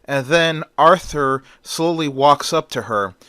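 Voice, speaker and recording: A man's voice: on the high side, slow, fairly bright tone, clean tone, no room sound, clean studio sound. A man retelling a story in a plain casual way, with small slips and fillers.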